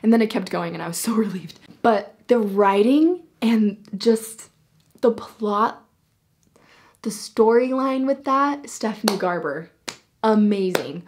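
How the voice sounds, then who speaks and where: A woman's voice: medium pitch, takes it slowly, a little hiss or hum. Gushing young woman reviewing a book. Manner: gushing, excitable, full of "like". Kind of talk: casual vlog book review.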